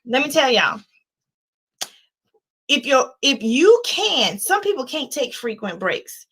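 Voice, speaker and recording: Woman, 40s, life coach, high voice, bright tone, emphatic, chanting repetitions. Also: slow pace, husky, rough recording. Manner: emphatic and animated, chants repeated words, laughs often. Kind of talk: livestreamed coaching talk.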